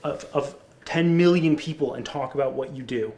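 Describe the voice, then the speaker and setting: A man's voice: mid-range voice, normal speed. Chatty man in a roomy office. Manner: rambling, energetic, restarts often. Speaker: podcast co-host. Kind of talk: casual podcast chat. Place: conference room in an office.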